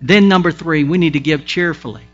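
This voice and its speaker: A man's voice: fairly high pitch, fairly quick, highs cut off, soft background music. A man preaching a sermon as pastor, emphatic and folksy, with frequent restarts.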